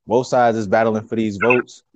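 A man's voice: on the low side, fairly even intonation, moderate pace, highs cut off, background noise. A man speaking as a guest in a casual podcast chat, emphatic and rambling. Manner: emphatic, rambling, lots of fillers.

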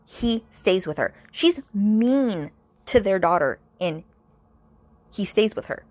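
A woman podcast host chats casually about a novel in a book review, retelling scenes in quoted voices, dropping frequent "like" fillers and exasperated asides. Her medium-pitched, darkish voice has lively intonation and a slow pace, and the recording is dry.

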